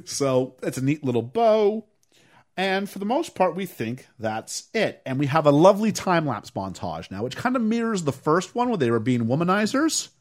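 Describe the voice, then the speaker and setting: A man casually recapping a movie on a podcast, telling it with lively energy and acting out lines in high voices. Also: a little fast. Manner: animated storytelling, acts out quotes in raised voices.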